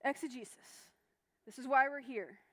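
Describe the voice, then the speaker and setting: A woman's voice: high-pitched, normal speed, bright, forceful tone. A woman teaching a Bible study class in a chatty, reassuring way, with many fillers and restarts. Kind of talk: informal class lecture.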